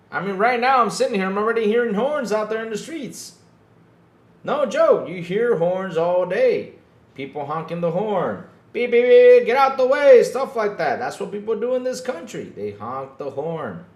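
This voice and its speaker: A man hosting a casual gaming podcast, laid-back and chuckling, often repeating himself and tagging his lines with "though". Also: high-pitched. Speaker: podcast host. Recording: echoey room.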